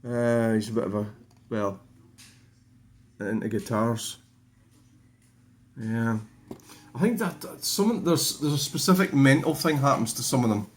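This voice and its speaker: A man's voice: medium pitch, a little slow, long pauses. A man, a vlogger rambling wryly through casual commentary about his own channel. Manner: rambling, wry, digressive.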